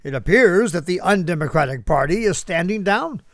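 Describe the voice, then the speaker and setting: A man's voice: high voice, lively intonation, moderate pace, dry recording, studio quality. A man hosting a political commentary show, sarcastic, talking back to an unheard listener. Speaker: host.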